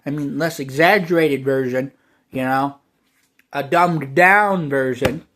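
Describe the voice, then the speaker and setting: Slow, brash, foul-mouthed man ranting. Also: mid-range voice, fairly bright tone, a little hiss or hum. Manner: exaggerated brash persona, heavy swearing, rambling. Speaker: online video creator. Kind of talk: rambling profane monologue to camera.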